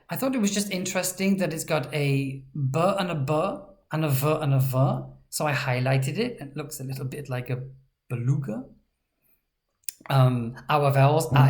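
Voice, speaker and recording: With a deep voice, a woman teaches a language lesson in a relaxed, chatty manner. She throws in playful asides and spells sounds out slowly.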